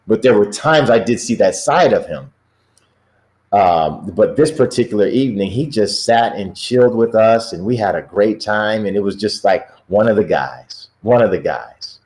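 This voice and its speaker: A man's voice: on the low side, expressive, moderate pace, darkish tone. A middle-aged basketball coach, a man, telling stories in a casual chat and laughing often as he talks. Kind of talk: casual storytelling.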